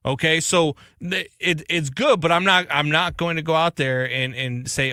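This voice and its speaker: Radio co-host guy, bright voice, animated and emphatic, casual banter. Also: on the high side, moderate pace, hardly any pauses, no echo, clean studio sound.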